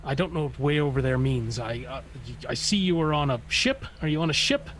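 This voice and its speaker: A man's voice: on the high side, animated, brisk, crowd noise, close to an everyday voice. A man voicing a ghostly man who anxiously and insistently demands answers. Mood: pleading. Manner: pleading, insistent questions.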